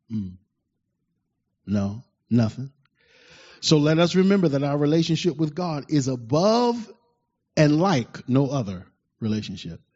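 A man preaching a sermon to a congregation. He preaches with fervor, swinging between loud, emphatic exclamations and quiet asides. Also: mid-range voice, breathy edge. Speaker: pastor. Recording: dull lo-fi recording.

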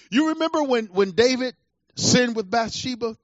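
A middle-aged man preaching a sermon with animated delivery, acting out voices from scripture and laughing at his own asides. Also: very high voice, normal speed, no echo. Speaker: pastor. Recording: dull lo-fi sound.

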